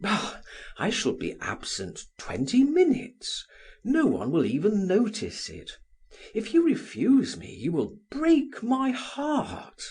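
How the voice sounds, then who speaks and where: A male narrator voicing a passionate young man who pleads in a raised, breathy voice. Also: sits high, wildly swooping pitch, slow, darkish tone, pitched above the performer's own voice, exaggerated voice. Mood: pleading.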